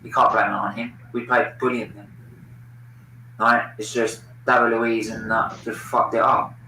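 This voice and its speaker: A man's voice: fairly low pitch, flat delivery, moderate pace, sharp tone, roomy sound, distant mic, a little hiss or hum, poor audio. A man hosting a football watchalong stream, opinionated and swearing freely in casual chat.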